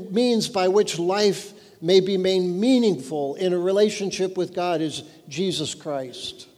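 A man preaching a sermon, earnest and emphatic, dropping lower and quieter when he reads scripture. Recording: long hall reverb.

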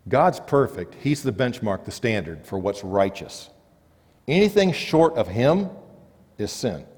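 A man preaching a sermon, rising for emphasis and dropping to quiet, low stresses. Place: church sanctuary. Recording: long church reverb.

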